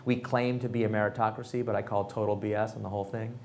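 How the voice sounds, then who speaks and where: A man in his thirties, an author and entrepreneur, telling animated stories at a fireside chat and acting out the people he quotes. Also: fairly low pitch, fast, slight background noise. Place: event space with audience.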